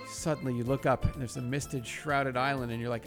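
A man's voice: mid-range voice, a little fast, hardly any pauses. Crude, jokey man over music. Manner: crude, jokey, swears freely. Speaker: podcast co-host. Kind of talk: casual chat.

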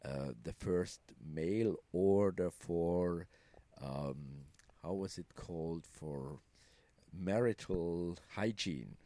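Low-voiced man with a German accent. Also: extremely slow, dark tone, dry recording. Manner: hesitant, many fillers and restarts. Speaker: podcast guest. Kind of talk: casual chat.

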